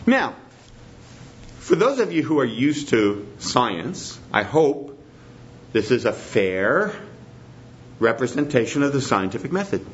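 A man's voice: medium pitch, sing-song, slow pace, long pauses, a little hiss or hum. A man preaching a sermon in a teacherly way, repeating his key points for emphasis. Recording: dull lo-fi recording.

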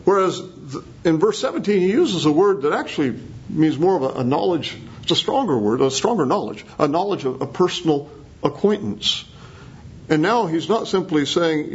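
A man's voice: a little high, expressive, moderate pace. A man preaching an expository sermon, emphatic and conversational, often checking in with the congregation. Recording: husky voice, dull lo-fi sound.

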